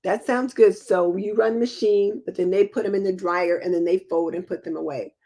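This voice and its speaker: A woman's voice: mid-range voice, fairly even intonation, brisk, dark tone. Chatty middle-aged woman hosting a home show. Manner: chatty, homey, practical. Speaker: host. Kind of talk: casual live-stream chat reading viewer comments.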